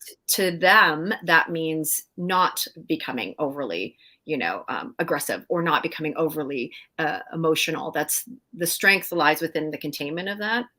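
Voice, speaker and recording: A middle-aged woman, a guest in a casual interview, telling animated stories with frequent laughs and fillers. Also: low voice, normal speed. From Canada. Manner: animated storyteller, laughs often, many fillers. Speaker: guest actress.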